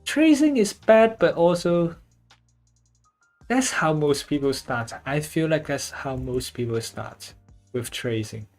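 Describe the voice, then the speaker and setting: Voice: medium pitch, slow, faint music behind. An artist chatting casually while drawing, rambling loosely with lots of filler words and the odd casual swear.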